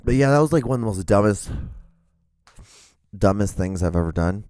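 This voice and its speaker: A man's voice: lowish voice, animated, moderate pace, darkish tone, dry recording. A man in his thirties telling a rambling, profane personal story on his solo podcast, with many restarts. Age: 30s. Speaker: podcast host.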